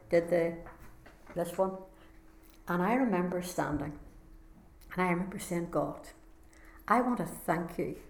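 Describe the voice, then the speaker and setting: Addressing a conference hall, a Northern Irish woman gives a personal testimony that is earnest and deeply felt. Her voice is lowish and slightly mellow, carried by the hall's echo.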